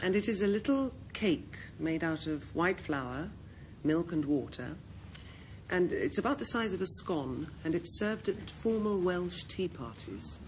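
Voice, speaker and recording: A woman on a word game panel giving a brisk, confident, detailed definition. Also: lowish voice, lively intonation, a little mellow, slight background noise, poor audio.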